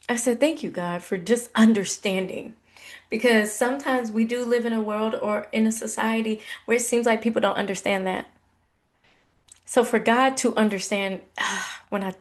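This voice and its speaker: A woman in her thirties, a podcast host, casually telling a personal faith story in a conversational, animated way. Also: mid-range voice. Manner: conversational, animated retelling with laughs.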